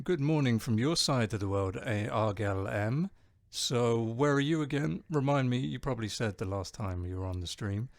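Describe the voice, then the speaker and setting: A man's voice: on the low side, creaky. A man chatting casually on a live stream, reading out viewer comments and rambling jokily about music. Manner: rambling, jokey, reads chat aloud. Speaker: streamer and band bassist.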